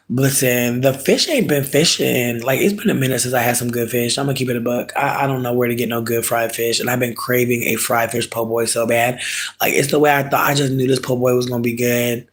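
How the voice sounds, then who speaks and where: Man, gravelly voice, mid pitch, casual comic rant to viewers, profane and emphatic. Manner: animated, emphatic comic ranting; profane, drawn-out slow emphasis. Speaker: streamer chatting with viewers. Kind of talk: casual chat.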